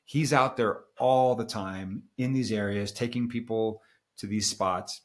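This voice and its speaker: A middle-aged man co-hosting a podcast, telling a travel story in a relaxed, rambling way. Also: lowish voice, measured pace. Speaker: podcast co-host. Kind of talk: casual storytelling chat.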